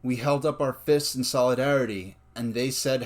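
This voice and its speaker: A man giving a personal commentary monologue in a deliberate, earnest way, with many pauses. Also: mid-range voice, fairly even intonation. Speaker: video essayist.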